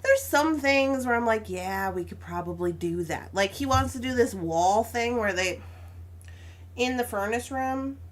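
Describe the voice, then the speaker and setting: Her voice is fairly high with lively intonation, and she keeps a measured pace. A young crafting stream host, she casually tells a story, laughing frequently while acting out each side of an argument.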